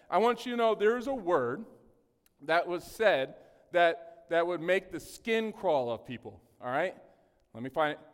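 High-voiced chatty pastor in a reverberant hall. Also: male voice. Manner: chatty, jokey, often asks the congregation questions. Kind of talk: conversational sermon.

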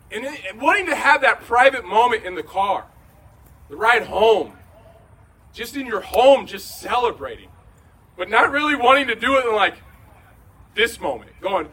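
A man preaching a conversational sermon in a large room, going from hushed to shouting. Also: very high voice, distant mic, a little hiss or hum, poor audio. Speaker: pastor.

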